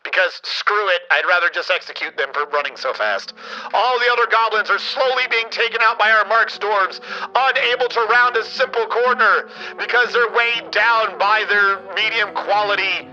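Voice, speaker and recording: Man putting on a bright radio news anchor. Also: high-pitched, moderate pace, lo-fi sound. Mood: reporting. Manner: announcer cadence, breaking-news delivery. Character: male radio news anchor, breathless and dramatic.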